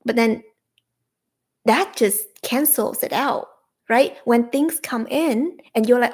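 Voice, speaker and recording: A young adult woman with a slightly high voice hosts a spiritual coaching livestream. She talks viewers through soothing, repetitive affirmations in a gentle, encouraging manner. Now and then she breaks into bright, excited bursts of energy. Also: normal speed. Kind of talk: live-streamed coaching talk.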